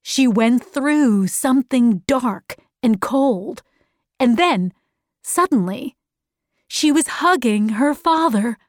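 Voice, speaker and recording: Slow, careful woman narrator. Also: fairly high pitch, lively intonation, no room sound. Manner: careful, evenly paced reading. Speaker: audiobook narrator. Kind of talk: slow, clear scripted narration for learners.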